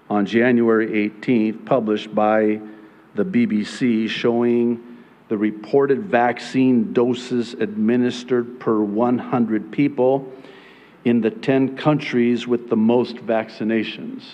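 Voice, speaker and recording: Slow-talking, sarcastic man preaching. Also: medium pitch, highs cut off. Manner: sarcastic, animated, quotes critics in mocking voices. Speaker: pastor. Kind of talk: prophecy sermon from the pulpit. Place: church sanctuary.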